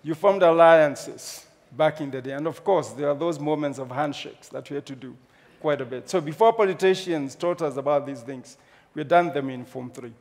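Kenyan male speaker, lively comic storyteller, slightly high voice with a touch of fry. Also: normal speed, hardly any pauses. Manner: humorous, animated storyteller. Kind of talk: storytelling talk on stage. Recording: long hall reverb.

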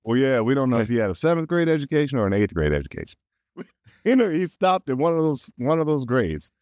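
Animated man telling stories, dry sound. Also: medium pitch, quick pace, dry recording. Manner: animated, laughs often, acts out quotes. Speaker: voice actor guest. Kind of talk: casual interview storytelling.

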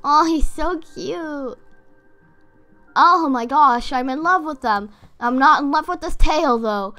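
Bubbly high-voiced woman gushing excitedly. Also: moderate pace, faint music behind. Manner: excitable and rambling, many fillers. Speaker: gaming YouTuber. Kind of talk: casual reaction video.

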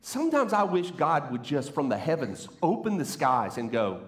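A man's voice: medium pitch, very animated, normal speed, hardly any pauses. A man preaching a sermon from a church stage, playful and conversational, teasing the congregation as he talks. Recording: roomy church echo.

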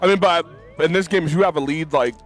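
A man's voice: on the high side, fast talker, faint music behind. A man from Puerto Rico chatting casually and animatedly while playing a game at a convention. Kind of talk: casual chat. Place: gaming convention.

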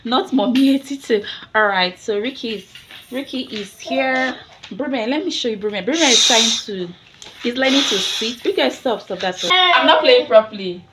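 Husky Nigerian mom chatting to camera. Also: female voice, fairly high pitch, expressive, moderate pace, heavy background noise. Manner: chatty, breaks off to coax and instruct her toddler. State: hoarse after a sore throat. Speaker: family vlogger and mother. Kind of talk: casual chat to camera. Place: at home indoors. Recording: background music under the voice.

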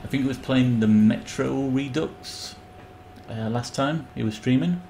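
A man's voice: medium pitch, a little slow, gravelly, mellow, a little hiss or hum. A man streaming a game live, rambling and joking with his chat and yelping when things go wrong. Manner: rambling, jokey, breaks into yelps when panicking. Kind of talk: live gameplay commentary.

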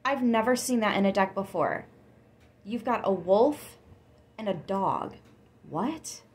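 A woman giving a casual tarot reading, chatty and excitable, with frequent gasps and laughs. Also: medium pitch, takes it slowly. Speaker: tarot reader.

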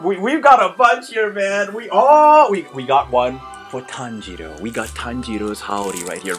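High-voiced man gushing over an unboxing. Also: bright, forceful tone. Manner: gushing, exclamatory, repeats thanks and exclamations. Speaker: unboxing host. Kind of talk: excited unboxing vlog.

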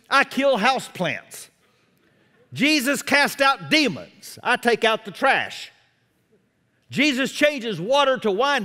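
A middle-aged man preaching a sermon as pastor, expressive, with self-deprecating humor. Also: very high voice, big-room sound.

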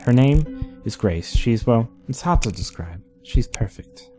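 A man voicing an eerie young boy, reading game dialogue aloud in a soft, earnest, raised voice. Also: mid-range voice, animated, unhurried, faint music behind, natural voice.

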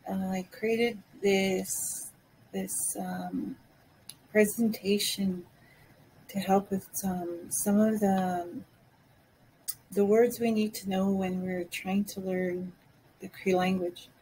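A woman giving a language lesson, saying each phrase slowly and repeating it for learners. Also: medium pitch, level tone, mellow, slight background noise, low-quality recording. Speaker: Cree language teacher.

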